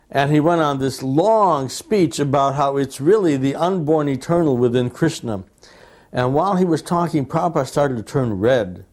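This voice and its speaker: A man recalling memories as a devotee, telling his anecdotes in a lively way and acting out the lines he quotes. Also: fairly high pitch. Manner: lively storyteller who acts out quoted lines.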